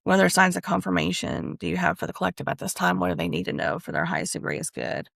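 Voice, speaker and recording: A woman's voice: on the low side, big pitch swings, quick pace, gravelly, a bit bright, no room sound, studio quality. A woman hosting a spiritual reading channel, telling a personal story in a rambling, candid way and speaking aloud to spirit as she channels messages. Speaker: spiritual reader and channel host.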